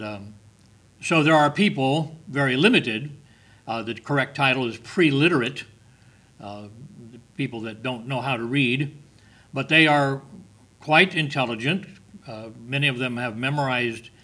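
A man's voice: mid-range voice, bright, forceful tone. A middle-aged man preaching a sermon, emphatic, repeating words and reading scripture aloud.

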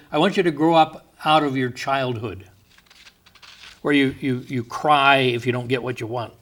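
A male pastor preaching a sermon in church, talking with asides and chuckles, slowing down to stress the scripture he reads. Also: fairly high pitch, a bit bright.

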